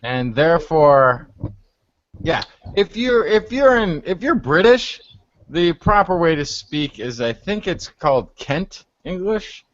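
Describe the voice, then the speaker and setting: A man's voice: fairly high pitch, sing-song, takes it slowly, no echo, highs cut off. A man from California chatting on an online panel in a playful, mock-pompous way. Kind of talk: casual panel chat. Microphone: video call.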